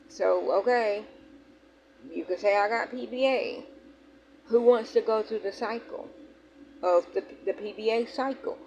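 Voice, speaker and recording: A woman's voice: mid-range voice, a little slow, long pauses, darkish tone, slight background noise, poor audio. A young woman, talking candidly and emphatically to her viewers in a personal vlog, rambling and restarting as she goes.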